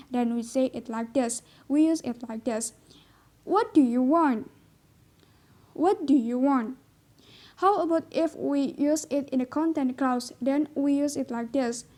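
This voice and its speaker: Deep-toned young woman teaching grammar. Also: warm tone. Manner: explains slowly, repeats each example sentence twice. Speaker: student presenter. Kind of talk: reading a grammar presentation.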